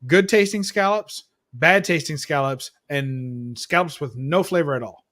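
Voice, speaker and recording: A man's voice: fairly high pitch, a little slow, a bit bright. A man on a video call hangout, chatting casually and rambling through a story with fillers. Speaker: panel guest. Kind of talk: casual chat.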